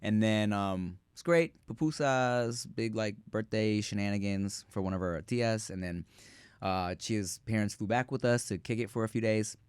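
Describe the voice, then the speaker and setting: A man's voice: lowish voice, normal speed, clean tone, no echo, studio quality. A man co-hosting a podcast, telling a family story in casual chat, laughing often and swearing freely. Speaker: podcast co-host; father of a young daughter.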